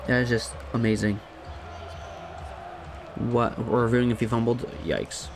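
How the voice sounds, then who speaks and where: A man giving casual let's-play commentary on a football video game, chatty and thinking aloud, laughing at himself and jumping to loud shouts at big plays. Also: mid-range voice, level tone, unhurried, creaky, over music. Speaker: gaming commentator.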